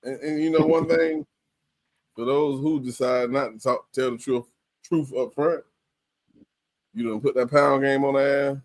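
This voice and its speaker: A man's voice: medium pitch, steady tone, measured pace, pauses often. Crude, drawling podcast co-host man. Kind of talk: candid casual podcast chat.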